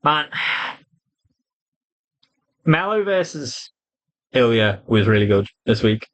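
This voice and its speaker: A man's voice: mid-range voice, very slow, rough recording. A man giving a blunt, casual, opinionated wrestling review, swearing freely and acting out quotes. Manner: blunt, sweary, animated retelling with quoted voices.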